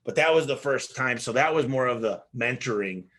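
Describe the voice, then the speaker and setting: Animated storytelling businessman. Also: medium pitch, brisk. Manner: animated, acts out dialogue in anecdotes, frequent restarts. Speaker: business owner guest. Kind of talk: casual interview storytelling.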